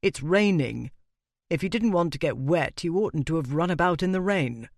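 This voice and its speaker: A man voicing a cool, irritable Regency gentleman who speaks in a dry, clipped, disdainful way. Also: on the high side, lively intonation, moderate pace, gravelly, no room sound. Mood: irritated.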